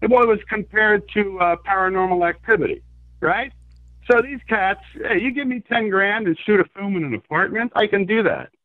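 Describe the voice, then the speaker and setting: A man being interviewed over the phone about his low-budget film, telling stories in an animated, excitable, profane way. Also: normal speed, no echo. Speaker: filmmaker guest. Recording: tinny dry phone line.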